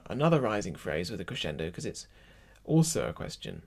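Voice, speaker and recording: Leading an online choir rehearsal, this choir leader speaks a little fast in a lowish, sing-song voice. He walks the singers through German pronunciation and phrasing before counting them in.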